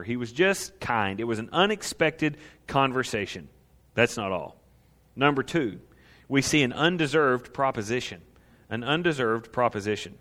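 A male pastor preaching an animated sermon who asks the audience questions and acts out scenes. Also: mid-range voice, moderate pace.

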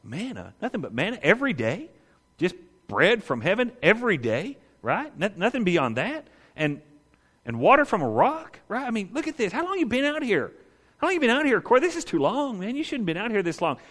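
A man's voice: high-pitched, big pitch swings, fairly quick, fairly bright tone, pitched above the performer's own voice, exaggerated voice. A man voicing a sly male devil who coaxes in a confiding, conversational way. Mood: coaxing. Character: sly wheedling male devil whispering temptation.

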